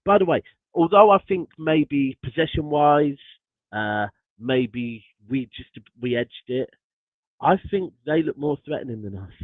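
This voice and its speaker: A man's voice: a little high, animated, unhurried, no echo. A man talking football on a livestream as a guest, exasperated and passionate, swearing a lot, heard through a tinny phone-like mic. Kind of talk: casual football chat on a livestream.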